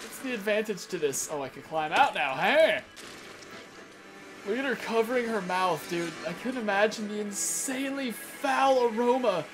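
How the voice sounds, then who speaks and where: An excitable let's-play commentator who keeps up a joking running banter with the viewer and yelps and curses at every jump scare. The voice sits at an ordinary middle pitch, with game music playing clearly underneath throughout. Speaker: gameplay commentator.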